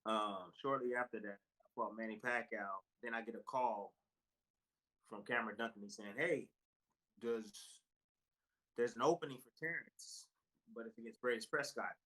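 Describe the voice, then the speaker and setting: A man's voice: on the low side, moderate pace, long pauses, rough recording. A man in his forties, a former fighter turned boxing analyst, telling stories in a casual interview and acting out the dialogue. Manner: animated, acts out quoted dialogue.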